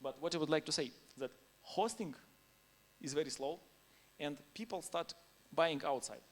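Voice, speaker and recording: Giving his conference talk in English that isn't his first language, this man stays casual and anecdotal, with occasional laughter between points. His voice leans high and he speaks at a normal speed.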